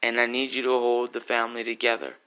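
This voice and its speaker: A man's voice: mid-range voice, little pitch movement, quick pace, sharp tone, clean tone, natural voice, poor audio. A man voicing his dying mother in a spoken-word story, speaking faintly and tenderly. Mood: tender, weak. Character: dying mother, gentle and weak.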